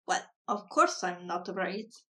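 Storybook ghoul, gloomy and pleading, woman reader doing the voice, slow, slightly distant mic. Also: on the low side, lively intonation, a bit bright. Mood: cross. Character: lonely timid household ghoul, sulky and pleading.

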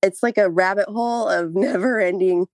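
A woman's voice: mid-range voice, normal speed, darkish tone, no room sound. A woman co-hosting a podcast in casual chat, out of breath, laughing often and reading notes aloud. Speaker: podcast co-host.

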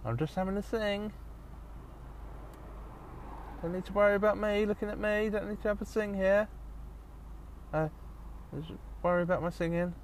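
A man's voice: high voice, steady tone, fairly quick. Grumbling man muttering while driving. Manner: grumbling, sweary, wry asides. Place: inside a car in traffic. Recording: road and engine noise in car.

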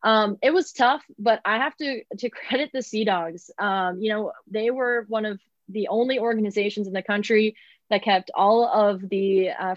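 A woman's voice: mid-range voice, no room sound, lo-fi sound. A young woman who calls minor league baseball games, answering interview questions in a chatty way with lots of fillers. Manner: chatty, many fillers, laughs often.

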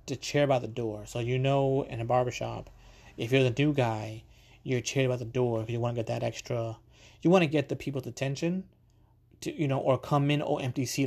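A man's voice: medium pitch, a little mellow. A man, hosting a podcast and telling a rambling, casual story full of asides and the odd swear word. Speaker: podcast host.

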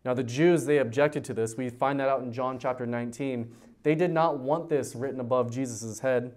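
Guy youth pastor preaching verse by verse, gets loud and high then drops way low, stumbles on repeated words. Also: normal speed. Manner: animated, rises in pitch and volume for emphasis, drops low on key points; repeats words when starting sentences. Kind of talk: verse-by-verse sermon.

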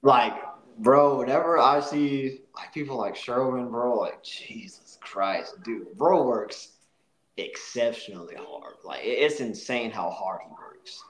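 A man's voice: mid-range voice, measured pace. A man in casual chat, laid-back and slangy, who keeps saying "bro". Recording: echoey room.

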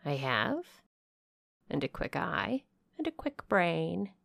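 A woman voicing a harsh-voiced old crone fortune-teller who speaks in a decided, probing, deliberate way, in a storybook reading. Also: lowish voice, sing-song, gravelly, fairly bright tone, dry recording, clean studio sound, heavily acted. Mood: mocking. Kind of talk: audiobook character voice.

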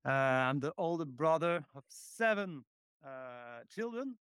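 A man in his forties with a French accent, a podcast guest who answers slowly and haltingly with many fillers. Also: a little high, very animated, a bit bright, clean tone, no room sound, clean studio sound. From France. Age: 40s. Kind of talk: podcast interview.

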